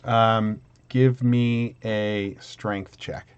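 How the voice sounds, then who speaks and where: A man's voice: on the low side, steady tone, extremely slow, smooth. Rambling male game master, lo-fi. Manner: rambling with many fillers and restarts. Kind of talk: narrating a tabletop game.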